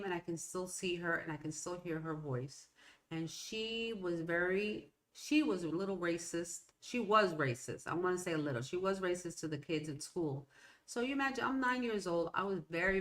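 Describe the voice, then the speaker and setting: A woman's voice: medium pitch, a bit bright. A woman in her fifties, a podcast host, telling personal stories in a rambling, conversational way with frequent restarts. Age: 50s. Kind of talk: personal storytelling monologue.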